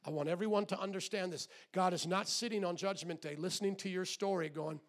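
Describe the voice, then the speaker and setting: A middle-aged man preaching a sermon in a church, swinging from hushed, low delivery to loud shouted exhortation and asking the congregation questions. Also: brisk, few pauses. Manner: acts out quoted voices, asks the congregation questions. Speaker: pastor.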